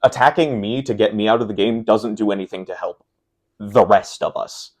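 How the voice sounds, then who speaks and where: A low-pitched young man talks through a card game turn by turn in a casual interview. He lays out each choice methodically, and his delivery livens up as he recounts a frustrating defeat. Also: moderate pace. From Pacific Northwest of the United States. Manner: explains game plays step by step, animated when retelling frustration. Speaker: guest, tournament player.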